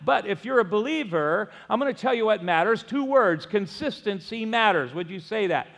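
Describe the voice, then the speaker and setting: Older man, pastor, sermon, high gravelly voice, folksy self-deprecating humor, long reverb in a church. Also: lively intonation, normal speed, fairly bright tone. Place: church sanctuary.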